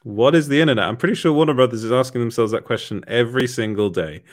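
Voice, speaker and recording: Talking fast in a mid-range voice, a young man runs a livestream and goes through viewer comments, keeping it chatty with frequent laughs and fillers.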